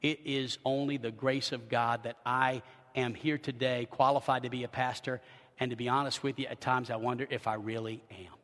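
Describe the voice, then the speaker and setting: A man preaching as a pastor, swinging from quiet, confessional talk to loud, shouted passages. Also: mid-range voice, fairly even intonation, normal speed, long reverb tail. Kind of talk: sermon.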